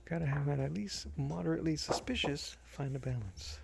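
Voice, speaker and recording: A man's voice: on the high side, a little fast, vocal fry, slight background noise. A man from Massachusetts, a comic artist, chatting casually while he draws and telling stories with restarts and chuckles. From Massachusetts, USA. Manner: rambling, storytelling with restarts and chuckles. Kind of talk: casual chat while drawing. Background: soft background music.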